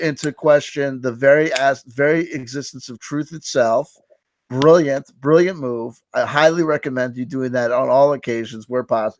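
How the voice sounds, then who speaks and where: A man's voice: mid-range voice, dry recording. A man hosting a live stream, giving a mock-earnest, sarcastic lecture and often repeating his words. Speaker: host running a mock workshop.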